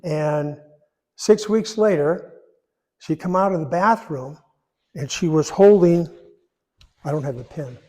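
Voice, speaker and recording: A man in his eighties giving a personal testimony in church, rambling and folksy, pausing when emotional. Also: fairly high pitch, darkish tone. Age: 80s. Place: church sanctuary. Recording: echoey church hall.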